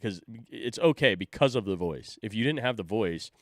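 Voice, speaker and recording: Profane, rambling man with a lively voice. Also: on the low side, moderate pace, no echo, studio quality. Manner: rambling, profane, self-mocking, laughs often. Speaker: streamer host. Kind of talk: casual chat.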